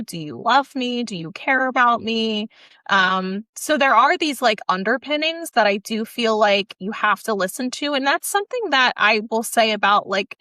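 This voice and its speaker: A woman's voice: medium pitch, pushed and bright, no room sound, studio quality. A woman co-hosting a podcast, talking eagerly and asking questions in casual conversation. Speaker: podcast co-host, autism support worker.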